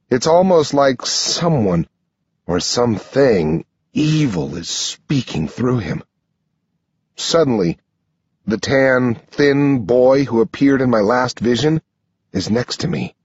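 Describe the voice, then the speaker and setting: A man narrating a first-person audiobook at an unhurried pace. His voice is husky, and the dry, dull recording has no room sound. His pitch sits in the middle range. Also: no echo.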